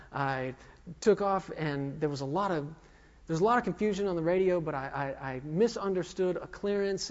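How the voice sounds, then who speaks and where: Male minister with a high voice; a storytelling sermon testimony, self-mocking. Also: lo-fi sound.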